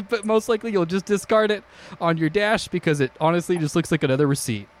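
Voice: mid-range voice, brisk, close to an everyday voice. A game master voicing a jokey, rambling theme park cashier in a tabletop game. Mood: playful.

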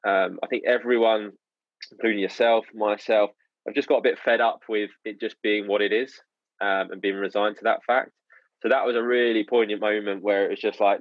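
A man's voice: on the low side, flat delivery, normal speed, no echo, lo-fi sound. A man who is a guest on a podcast, reflectively telling how his project began. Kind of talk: casual podcast chat.

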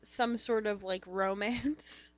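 A woman's voice: mid-range voice, fairly even intonation, slow, a bit bright, no room sound. A woman with an everyday mid-range voice, chatting loosely on a podcast. She jokes about herself and swears freely. The sound is close and dry, with no room around it. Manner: joking, self-deprecating, swears casually. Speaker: podcast co-host. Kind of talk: casual chat.

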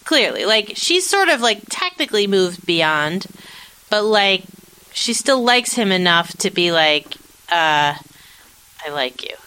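A woman's voice: medium pitch, very animated, measured pace, bright, forceful tone, clean tone, low-quality recording. A woman co-hosting a casual podcast, chatting animatedly and acting out quotes from a TV episode. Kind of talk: casual chat recapping a TV episode.

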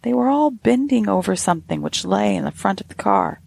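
A woman hosting a podcast, reading a ghost story aloud in a measured, softly breathy way. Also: medium pitch, animated.

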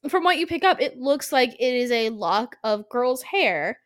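A woman co-hosting a podcast in casual chat, animated and swearing, acting out quotes from scenes. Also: sits high, measured pace. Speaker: podcast co-host.

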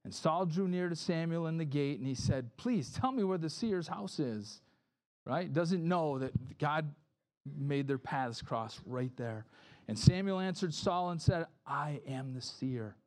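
A pastor preaching a conversational sermon, acting out quoted voices, often asking "right?" and restarting sentences. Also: male voice, on the high side, lively intonation, measured pace, a little mellow.

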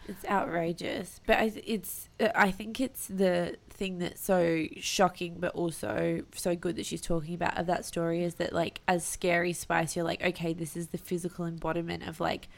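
Chatty woman with a gravelly low voice. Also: normal speed, hardly any pauses. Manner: animated storytelling with many fillers. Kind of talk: casual chat.

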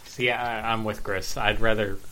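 A man's voice: on the low side, little pitch movement, normal speed, sharp tone, a little hiss or hum. A man in casual podcast chat who rambles and playfully mimics others. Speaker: podcast co-host.

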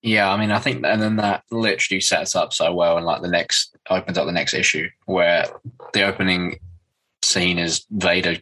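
A man's voice: low-pitched, steady tone, moderate pace, pushed and bright, low-quality recording. A man co-hosting a casual podcast, chatting in a laid-back way and peppering his sentences with "like". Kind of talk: casual comic-book discussion podcast.

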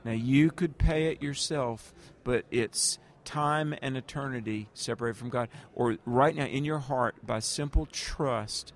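A man's voice: medium pitch, measured pace, hardly any pauses. A man, an evangelist answering interview questions with earnest stories, speaking directly to the listener. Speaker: guest evangelist.

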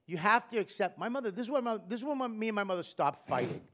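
A middle-aged man, telling profane stories loudly in casual podcast chat. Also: high voice, rapid-fire. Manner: loud, profane, animated storytelling. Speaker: guest comedian.

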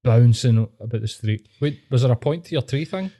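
A man's voice: mid-range voice, brisk, mellow. Sweary Glaswegian man ranting. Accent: Scottish, Glaswegian. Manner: sweary, ranting, mimics people. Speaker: podcast host. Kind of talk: casual chat.

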